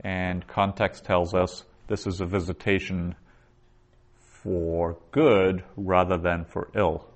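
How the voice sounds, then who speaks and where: In a recorded Biblical Hebrew grammar lesson, a man with a deep voice and flat delivery patiently walks through explanations, slowly reading phrases aloud.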